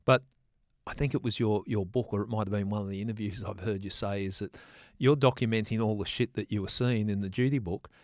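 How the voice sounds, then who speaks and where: Relaxed, chatty man. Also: on the low side, fairly quick, no echo, studio quality. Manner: relaxed, chatty, laughs easily. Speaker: podcast host, former detective. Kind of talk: casual interview.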